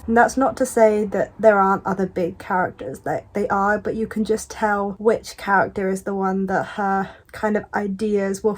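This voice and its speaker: Gushing woman book vlogger. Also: medium pitch. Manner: gushing, chatty, repeats words for emphasis. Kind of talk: casual reading vlog.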